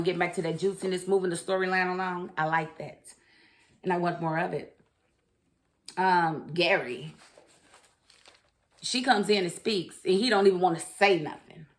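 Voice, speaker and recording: A woman's voice: fairly low pitch, fairly bright tone. Sassy, chatty woman reviewing a show. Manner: sassy, chatty, laughs often, talks to viewers. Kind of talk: casual review commentary.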